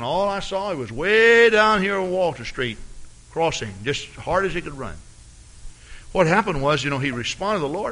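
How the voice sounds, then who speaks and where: Man preaching with a lively, swooping voice. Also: fairly high pitch. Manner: dramatic storytelling, big swings in loudness. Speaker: pastor. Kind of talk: sermon.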